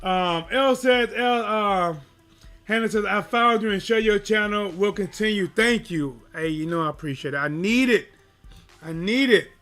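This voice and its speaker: A man giving casual live stream commentary on a fight, talking straight to his viewers. He gets excited easily and fills his talk with fillers and restarts. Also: high-pitched.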